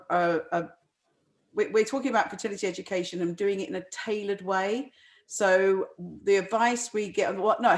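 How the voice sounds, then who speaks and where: A woman's voice: fairly low pitch, creaky. A middle-aged woman author speaking at a book launch, hesitant, with frequent restarts and ums. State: close to tears. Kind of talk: conversational discussion.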